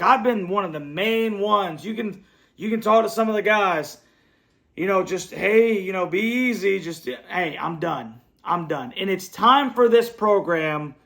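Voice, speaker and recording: A high-pitched male voice, bright and forceful, comes through a computer setup at home. The sports fan show host is furious after a loss and vents in a blunt, repetitive post-game rant.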